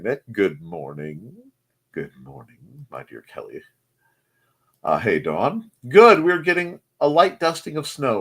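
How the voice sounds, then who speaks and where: A man's voice: mid-range voice, a bit bright. Guy hosting a morning livestream, reading chat, rambly and jokey, voice bounces up and down a lot. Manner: rambling, self-deprecating, jokey asides. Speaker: host of a live morning show. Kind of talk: casual live-stream chat reading comments.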